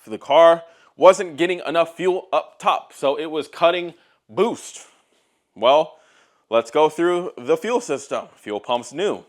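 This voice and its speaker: A man's voice: on the high side, lively intonation, slow pace. A man who makes car videos, ranting casually to camera in a blunt, profane, exasperated storytelling style. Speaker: car YouTuber.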